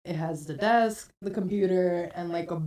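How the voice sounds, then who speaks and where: A woman's voice: fairly low pitch, moderate pace, mellow, recorded from a distance. A woman in her twenties co-hosting a podcast, telling a rambling story full of fillers. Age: 20s. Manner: rambling storytelling, many likes. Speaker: podcast co-host. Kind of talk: casual chat.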